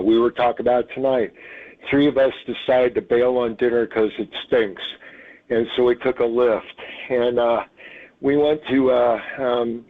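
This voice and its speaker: Male radio caller, tinny phone line, halting, many fillers, mid pitch. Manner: halting, full of pauses and fillers.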